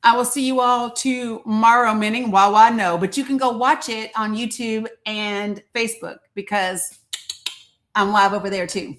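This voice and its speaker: A woman's voice: on the high side, fairly even intonation, moderate pace, fairly bright tone. Outspoken woman live-streaming. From rural American South. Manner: candid and outspoken, with folksy Southern sayings. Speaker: livestream host. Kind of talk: casual live-stream chat.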